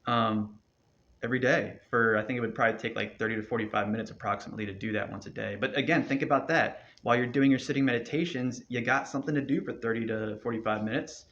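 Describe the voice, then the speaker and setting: A man's voice: medium pitch, steady tone, fast, fairly bright tone. Casual rambling man teaching meditation. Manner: loose, rambling, encouraging, with many fillers. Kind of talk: casual spoken instruction. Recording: dull lo-fi sound.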